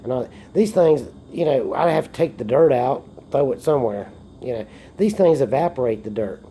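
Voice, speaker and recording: Man, tipsy, rambling, jokey, swears a lot, mellow voice, phone mic. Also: mid-range voice, lively intonation, moderate pace, slight background noise. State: tipsy from beer. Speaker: vlogger. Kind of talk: casual rambling monologue.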